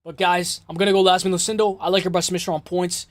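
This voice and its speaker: A man's voice: high voice, little pitch movement, quick pace, dry recording. A man hosting a casual live stream about fights, talking loosely, swearing and reading the chat aloud. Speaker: host of a live MMA stream.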